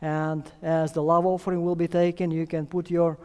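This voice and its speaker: An earnest man preaching a sermon in a church, with a slightly raised voice. He stresses key phrases, pushing up in pitch and force and slowing right down. The sound carries a long reverb from the hall. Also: flat delivery, a little mellow, smooth. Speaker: guest preacher.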